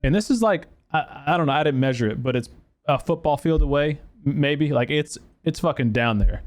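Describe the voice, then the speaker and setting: A man's voice: on the high side, fairly quick. Profane storytelling podcast host man. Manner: profane, animated storytelling with acted quotes; lots of fillers and restarts. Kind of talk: casual storytelling.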